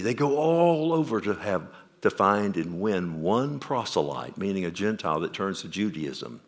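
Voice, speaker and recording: A male pastor, preaching a sermon. He questions the congregation and swings from loud emphasis down to quiet. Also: fairly low pitch, animated, moderate pace.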